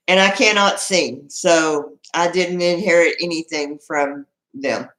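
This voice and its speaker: Texan woman hosting a live chat, unhurried and chatty, echoey room. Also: lowish voice, a bit bright. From Texas. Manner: chatty, proud, laughs often, restarts sentences. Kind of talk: casual live chat reading viewer comments.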